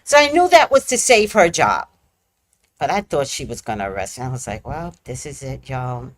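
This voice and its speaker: Animated woman telling a story. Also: a little fast. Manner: animated, laughing, swings from squealing highs to hushed lows. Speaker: vlogger. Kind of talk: casual storytelling.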